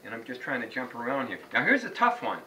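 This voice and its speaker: A man's voice: medium pitch, wildly swooping pitch, fast, sharp tone. Man teaching chant to a class. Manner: quizzes students by name, sings example notes. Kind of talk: classroom lesson. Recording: distant mic, faint background noise.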